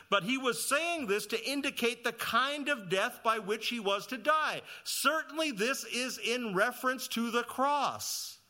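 Bright-voiced male preacher with wide swings. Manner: preaching with swings between loud emphatic peaks and quiet low passages; asks the listeners questions and reads scripture aloud. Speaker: pastor. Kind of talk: sermon.

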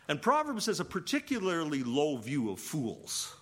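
A man preaching a sermon as pastor, swinging between loud emphasis and quiet asides. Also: a little high, huge pitch swings, moderate pace, hardly any pauses.

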